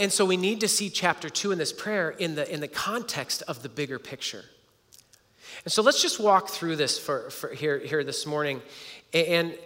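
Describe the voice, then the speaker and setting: A man's voice: on the high side, pushed and bright. A pastor giving an earnest, conversational sermon, often restarting his phrases. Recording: long hall reverb.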